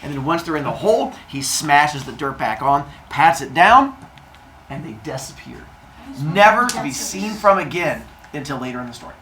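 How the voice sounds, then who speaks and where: A man's voice: a little high, expressive, normal speed, pushed and bright. A man teaching a class of children, retelling a myth in a playful, jokey way with silly sound effects. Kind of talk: storytelling lesson to children.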